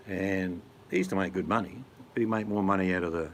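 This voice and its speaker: Middle-aged Australian man, low voice, rambling blokey chat with viewers, faint hiss behind. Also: fairly even intonation, fast. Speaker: vlogger answering chat. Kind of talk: casual chat.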